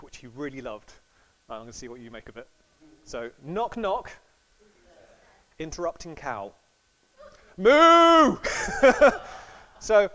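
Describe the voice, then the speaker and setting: A man's voice: mid-range voice, slight background noise, poor audio. A man giving a casual, chatty sermon to a congregation, acting out quotes with laughs. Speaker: preacher.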